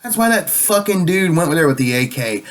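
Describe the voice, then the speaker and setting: A man's voice: on the high side, lively intonation, moderate pace. Rambling, cussing man ranting. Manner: rambling, swearing, sarcastic. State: a bit tipsy. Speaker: vlogger. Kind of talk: profane political rant.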